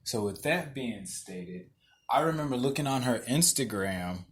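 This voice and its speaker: A man's voice: medium pitch, expressive, a little slow. A young adult man hosting a podcast, telling blunt, profane stories in a casual monologue and often laughing through them. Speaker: podcast host.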